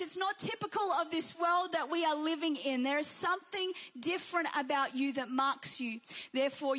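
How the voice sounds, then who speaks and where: A young woman with an Australian accent delivers an emphatic sermon. Her voice sits high, and she repeats her main phrases to drive them home. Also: a bit bright. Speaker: pastor.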